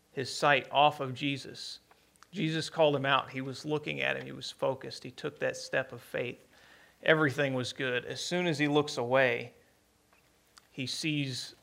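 A man preaching a conversational sermon, plainspoken and unhurried, with many pauses and restarts. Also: mid-range voice, creaky, fairly bright tone.

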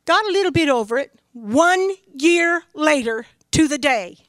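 A woman's voice: high-pitched, lively intonation, measured pace, a bit bright, dry recording, studio quality. A middle-aged woman from Missouri giving an earnest, emphatic spoken testimony about her faith as a grieving mother.

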